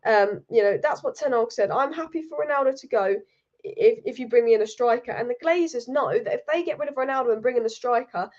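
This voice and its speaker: A young woman hosts a live-streamed football fan show, ranting heatedly and reading viewer comments aloud. Her voice sits high. The stream audio is dull and lo-fi. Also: a little fast, a little mellow. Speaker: football channel host.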